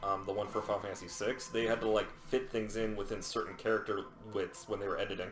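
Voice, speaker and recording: A man's voice: on the low side, flat delivery, fast, echoey room. A man co-hosting a let's play, chatting casually and jokingly about the game and game design. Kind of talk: casual gameplay commentary.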